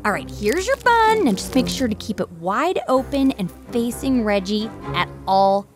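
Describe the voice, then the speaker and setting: High, bouncy, goofy woman host. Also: normal speed, music in the background. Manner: goofy, excitable, playful. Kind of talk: comedic kids' science show.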